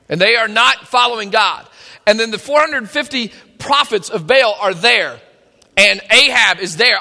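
A man's voice: high voice, sharp tone, long reverb tail. A man preaching a sermon, reading scripture and retelling it in casual modern speech.

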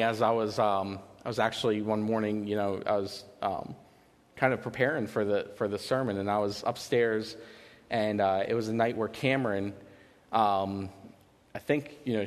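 A man's voice: on the low side, fairly even intonation, normal speed. Male pastor preaching in a reverberant hall. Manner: informal, storytelling, frequent "you know" fillers and restarts. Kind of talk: conversational sermon. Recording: long reverb of a large hall.

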